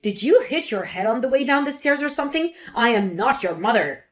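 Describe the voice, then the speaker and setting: A woman's voice: fairly high pitch, expressive, brisk, pitched below the performer's own voice, natural voice. A woman voicing a spiteful, scornful older mother-in-law in a dramatic story reading. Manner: sneering, contemptuous.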